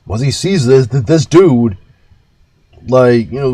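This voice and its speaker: A man's voice: medium pitch, expressive, slow pace, pauses often, warm tone, husky, dry recording. A man in his twenties ranting in reaction commentary, stammering, restarting his words and swearing freely. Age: 20s. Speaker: commentary host reacting to a video.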